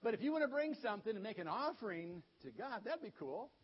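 A man's voice: sits high, very animated, fast talker, breathy edge, pitched above the performer's own voice, heavily acted. A man doing a laid-back chatty angel. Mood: easygoing. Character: casual friendly male angel messenger. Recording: dull lo-fi recording.

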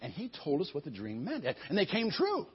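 A man's voice: a little high, huge pitch swings, fairly quick, husky, full character voice. A man voicing a nervous servant who stumbles over his words. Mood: hesitant. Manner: hesitant, stumbling. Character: nervous male servant, a cupbearer. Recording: dull lo-fi recording.

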